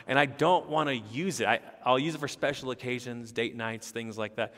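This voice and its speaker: A man's voice: mid-range voice, normal speed, a bit bright. A man in his thirties delivers a sermon in a church sanctuary, his mid-range voice trailing off into a long hall reverb. He talks earnestly and conversationally, building to emphatic bursts. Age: 30s. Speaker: pastor. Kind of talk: expository sermon.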